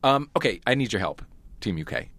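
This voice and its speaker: Man, comedy quiz host, animated pitch, dry close sound, jokey asides. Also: dry recording. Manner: joking, quick asides, laughs at own lines. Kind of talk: comedy panel quiz hosting.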